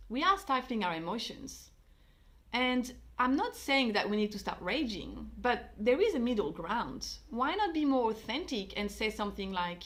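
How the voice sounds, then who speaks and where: A woman's voice: fairly high pitch, big pitch swings, moderate pace. A woman hosting a parenting vlog, talking through her views in a thoughtful, conversational way with frequent fillers. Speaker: parenting channel host. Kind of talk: reflective commentary vlog.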